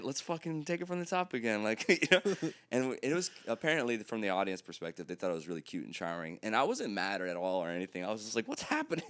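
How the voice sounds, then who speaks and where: A man co-hosting a podcast, telling a story in casual chat, profane and animated, acting out his own reactions. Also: fairly low pitch, no echo. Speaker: podcast co-host.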